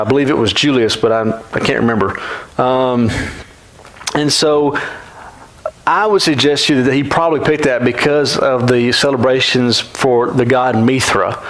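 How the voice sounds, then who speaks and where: A man leads a church Bible class in a conversational teaching style. He speaks at a middle pitch, neither high nor low, and keeps tossing questions out to the room. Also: fairly even intonation, moderate pace, a bit bright, low-quality recording. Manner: conversational, keeps asking "right?".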